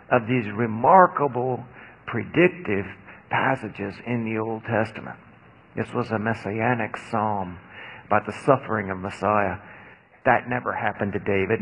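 A man's voice: medium pitch, vocal fry, breathy edge. A man giving a conversational Bible teaching on the radio, explaining scripture with emphatic asides. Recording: thin phone-like radio broadcast with long reverb.

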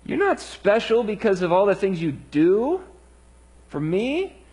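A man's voice: sits high, sing-song, a little slow, a little mellow, breathy edge, heavily acted. A man voicing Jesus as a patient but frustrated teacher, pleading with his disciples through rhetorical questions.

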